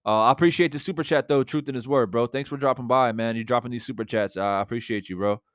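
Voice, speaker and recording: Clean studio audio, no echo: a man with a medium-pitched voice talks at a quick pace. He's a boxing YouTuber doing live-stream commentary, reading super chats and speaking directly to his viewers with brash confidence.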